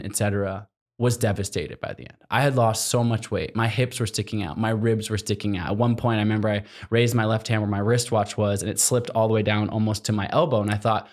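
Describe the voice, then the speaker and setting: Animated man telling a story. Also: lowish voice. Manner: animated storyteller, acts out quotes, laughs often. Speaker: guest, explorer. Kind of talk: storytelling in a podcast interview.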